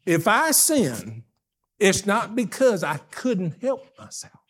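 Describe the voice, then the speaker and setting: An older man with a drawl preaches in a folksy, plain-spoken way. His voice sits fairly high for a man. He leans hard on key phrases, then drops to quiet asides. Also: wildly swooping pitch, slow pace. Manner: folksy, emphatic preaching that swings between loud stresses and hushed asides. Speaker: pastor. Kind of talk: sermon.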